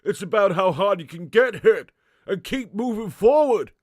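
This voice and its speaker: A man doing an impression of a gravel-voiced American boxer giving a slow, shouted pep speech. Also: high voice, animated, no echo, clean studio sound, pitched above the performer's own voice. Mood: fired up.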